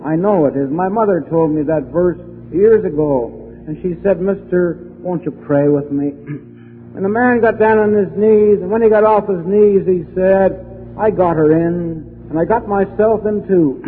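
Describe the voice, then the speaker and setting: A man preaching a fervent evangelistic sermon to a room, slowing down and stressing key words. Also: high voice, a little hiss or hum. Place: hall with an audience. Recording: phone-like old recording in a long-reverb hall.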